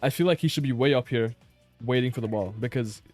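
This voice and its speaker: Male player doing a blunt, frustrated review of his own match, mid-pitched voice with soft music underneath. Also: quick pace. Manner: blunt, exasperated, swears and laughs in disbelief. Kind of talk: casual gameplay review commentary.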